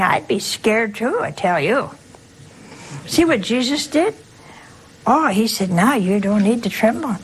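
A woman's voice: mid-range voice, a little hiss or hum, low-quality recording. An older woman, a nun, giving a folksy sermon full of rhetorical questions and asides to her listeners. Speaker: nun preaching a talk.

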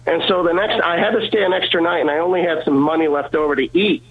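This man speaks a little higher than most men. He tells his story earnestly and with animation, stumbling over repeated words and acting out each person he quotes. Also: steady tone, fast, phone-quality sound. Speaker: guest.

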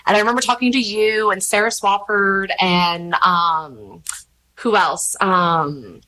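A rambling woman in her thirties with a drawl, chatting openly as an interview guest. She tells stories in a lively way and jumps into the voices of the people she quotes. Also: mid-range voice, slow, poor audio. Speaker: podcast host, interview guest. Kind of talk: candid conversational storytelling.

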